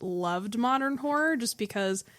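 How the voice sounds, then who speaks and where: A woman's voice: a little high, animated, unhurried, a bit bright. A woman hosting a podcast, easygoing and joking as she asks her guests questions. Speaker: podcast host. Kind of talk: casual podcast chat.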